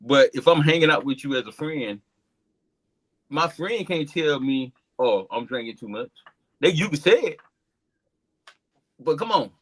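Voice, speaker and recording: A man's voice: on the high side, a bit bright, low-quality recording. A man co-hosting a casual podcast, making emphatic points about parenting and calling people dog and bro. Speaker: podcast co-host. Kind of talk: casual group chat.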